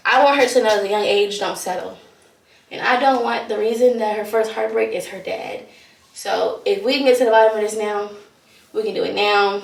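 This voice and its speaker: A young woman vlogger talks candidly through a personal story and acts out the back-and-forth of her conversations. Her voice sits a little high. The sound is roomy and echoey, and she is set back from the mic. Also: recorded from a distance. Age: young adult. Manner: candid, animated retelling with quoted dialogue. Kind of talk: casual storytelling vlog.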